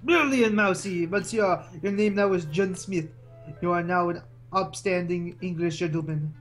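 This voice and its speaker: A woman's voice: on the low side, normal speed, faint music behind, natural voice. A woman voicing a self-assured male bird lawyer in a video game, declaring his lines theatrically. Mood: grand.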